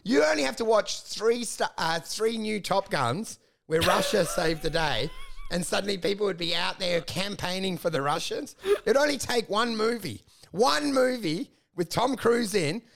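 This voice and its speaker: A man's voice: high-pitched, normal speed, vocal fry. A man in his thirties, a comedian ranting and joking in casual podcast chat. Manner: animated, ranting, joking, puts on mock voices.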